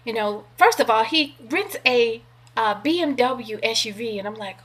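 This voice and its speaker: A middle-aged woman telling a long personal story casually, animated and profane, acting out what others said. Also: on the high side, moderate pace, husky. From California. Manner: animated, profane, acts out quoted voices. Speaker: vlogger.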